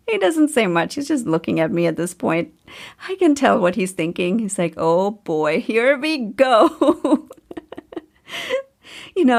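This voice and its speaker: A middle-aged woman, a podcast host and coach, telling a personal story in a chatty, animated way and laughing often. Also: gravelly. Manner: chatty, animated, laughs often, pitch jumps up when excited.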